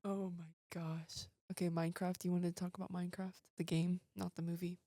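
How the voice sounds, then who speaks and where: A woman's voice: on the low side, level tone, a little fast, dark tone, no echo. Giggly teen girl hosting a chat. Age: teens. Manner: giggly, teasing, laughs often. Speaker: host. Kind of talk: casual chat.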